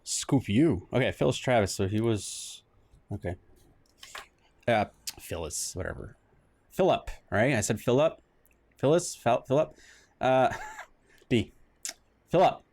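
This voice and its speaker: A male game streamer talks through a retro detective game in loose let's-play commentary. His voice swings up and down in pitch. He rambles, restarts his words, and breaks into sudden exclamations and self-mocking asides. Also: expressive, unhurried, long pauses, a little mellow.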